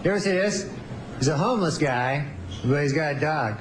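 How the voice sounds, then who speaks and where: A man doing deadpan, rambling comedy in an old clip. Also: on the high side, brisk. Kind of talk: stand-up and sketch comedy. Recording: archival clip with loud audience and noise.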